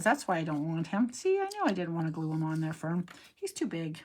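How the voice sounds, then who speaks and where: Her voice sits fairly low, a little mellow, with big pitch swings and a fairly quick pace. The middle-aged woman leads a casual crafting tutorial, chatting, rambling and talking to herself while working.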